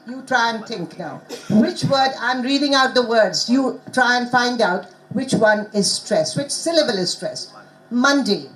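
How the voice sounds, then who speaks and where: A woman leads a pronunciation lesson at a conference, her voice a little higher than most. She coaxes her listeners with quick prompts and repeats words for them to copy. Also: a little hiss or hum, poor audio. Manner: coaxing, drills audience with quick prompts. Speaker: conference speaker teaching pronunciation. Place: conference hall.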